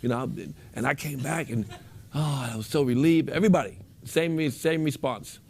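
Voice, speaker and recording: A man guiding a group through a meditation, speaking in a relaxed, instructive way and repeating his phrases. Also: mid-range voice, moderate pace, creaky, a little hiss or hum. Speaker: meditation teacher. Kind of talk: guided meditation with a live group.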